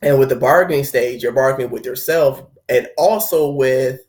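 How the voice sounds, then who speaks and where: A young man talks through heartbreak in a loose, conversational way, with his pitch sitting in the middle of the usual range. He often slips into playing other people's inner voices. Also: normal speed, darkish tone. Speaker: spiritual video host. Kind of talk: casual spoken talk on heartbreak.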